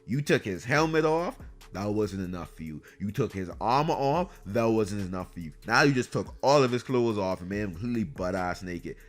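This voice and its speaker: A man's voice: on the low side, animated, fairly quick, soft background music. A man giving an exasperated, sarcastic ranting review of a video game series.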